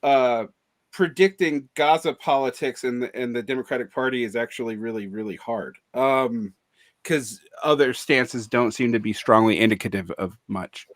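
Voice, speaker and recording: Male co-host, mid pitch, wry and halting, dry close recording. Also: no echo. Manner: hesitant, many fillers, wry. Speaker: podcast co-host. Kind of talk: casual political chat.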